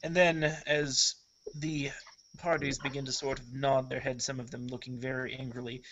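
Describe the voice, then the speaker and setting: A man's voice: medium pitch, little pitch movement, normal speed, a bit bright, slight background noise. A man narrating a tabletop game as game master, casual with frequent hedging fillers, in dull lo-fi audio.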